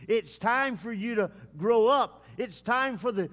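A man preaching a sermon to his congregation in a folksy way, with many pauses and "uh" fillers. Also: extremely high pitch, a bit bright. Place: church service. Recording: long hall reverb.

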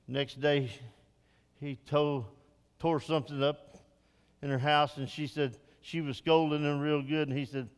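Older folksy preacher with a high voice. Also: male voice, flat delivery, measured pace, long pauses, clear, resonant tone. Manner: folksy, rambling preacher who builds to emphatic exhortation. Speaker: pastor. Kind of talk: sermon. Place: church sanctuary. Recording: reverberant church hall.

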